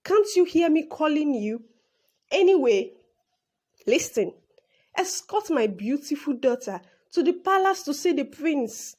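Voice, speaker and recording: A woman voicing a harsh rich woman who shouts orders at her maid. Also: high voice, very animated, a little slow. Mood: bossy. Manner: shouting, scornful.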